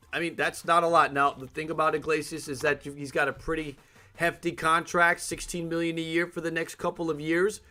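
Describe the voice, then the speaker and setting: A man hosting a live sports reaction stream, thinking aloud and getting excited as he reads out breaking news updates. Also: fairly high pitch.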